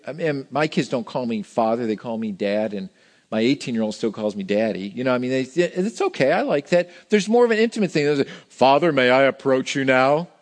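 Middle-aged male pastor, emphatic conversational sermon. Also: fairly high pitch. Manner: conversational, emphatic preaching with repeated restarts. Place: church.

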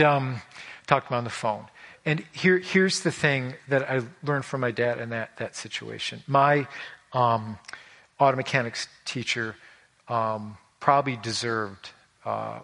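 A man preaching a conversational sermon, telling personal stories in an animated, folksy way with frequent repetitions and restarts. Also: medium pitch, unhurried, creaky. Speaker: pastor.

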